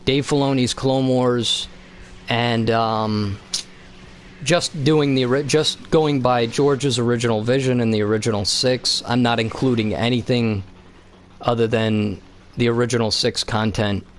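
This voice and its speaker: A man streaming a game who rambles through a profane, animated retelling in casual chat. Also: medium pitch, measured pace, a little hiss or hum. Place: home basement.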